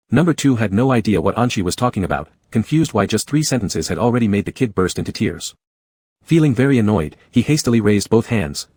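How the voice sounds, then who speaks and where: A man narrating an audiobook in a steady, measured storytelling voice. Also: on the low side, breathy edge, no echo. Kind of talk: scripted narration.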